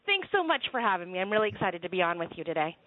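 A woman's voice: lowish voice, sing-song, quick pace, no room sound. A woman in her thirties, a guest author calling in, chatty and joking with fillers. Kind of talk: phone interview. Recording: dry tinny phone line.

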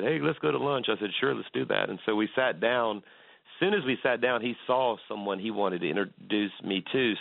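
This radio interview guest is a pastor with a fairly low voice. He tells earnest stories and often starts over mid-sentence. The sound comes through a tinny phone line and is dry.

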